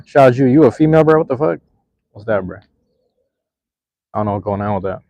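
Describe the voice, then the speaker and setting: A young man hosting a live stream, chatting with viewers in a relaxed, slangy, rambling way. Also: medium pitch, brisk, no echo, highs cut off. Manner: laid-back, slangy, rambling. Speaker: livestream host. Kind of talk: casual live chat with viewers.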